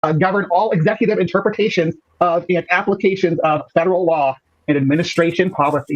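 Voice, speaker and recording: A man's voice: high-pitched, steady tone, fast, poor audio. A man hosting a podcast, reading a document aloud with a playful, teasing delivery. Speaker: podcast host.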